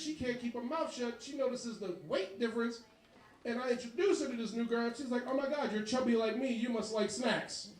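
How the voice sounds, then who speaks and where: A man doing a stand-up comedy set in a bar, telling crude stories and acting out loud voices. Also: sits high, roomy sound. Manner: crude, rambling storytelling with loud acted-out voices. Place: bar stage before a live audience.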